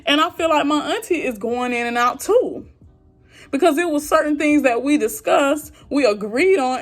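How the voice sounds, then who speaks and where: Young woman vlogger, high voice, heartfelt and frustrated, airing family business to her viewers. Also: lively intonation, moderate pace, soft background music. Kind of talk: emotional venting to camera.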